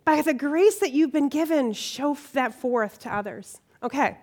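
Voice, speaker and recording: A middle-aged woman giving a conversational sermon at a church gathering, animated and emotional, often checking in with her listeners. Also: sits high, normal speed. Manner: animated, emotional, frequent "okay?" check-ins. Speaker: women's ministry speaker.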